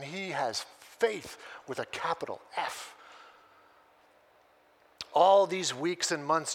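A man with a slightly high, bright voice preaches a sermon. He tells the story with animated energy and acts out the voices he quotes as he goes. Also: vocal fry. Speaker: pastor.

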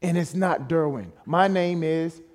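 A man's voice: a little high, unhurried, a little mellow. A man preaching as a guest speaker, emphatic, with rhetorical questions and calls for the congregation to answer back. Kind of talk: sermon.

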